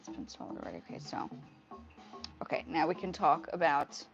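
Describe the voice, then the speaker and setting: A woman's voice: deep voice, sing-song, a little fast, gravelly. A woman hosting a casual music livestream, chatting to her viewers and often restarting her phrases, recorded on a headphone mic. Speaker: livestream host composing music. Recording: slightly dull audio with music behind. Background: faint music playing.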